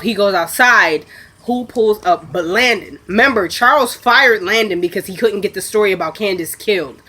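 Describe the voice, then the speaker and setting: A sniffly woman in casual chat, recapping a TV episode and acting out the characters' lines in quick asides. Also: mid-range voice, a bit bright.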